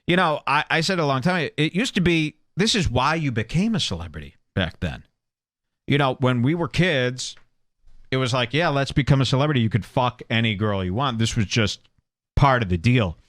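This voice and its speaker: A man's voice: medium pitch, lively intonation, normal speed, a bit bright, no echo, studio quality. A man hosting a comedy podcast, giving sarcastic, mocking commentary on a video clip. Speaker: podcast host.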